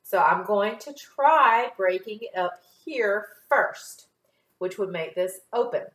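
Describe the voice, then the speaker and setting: A woman teacher walks young children through a phonics lesson, sounding out each syllable with slow, patient care. Her voice sits at a middle pitch, and the room gives it a noticeable echo. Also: lively intonation, a bit bright.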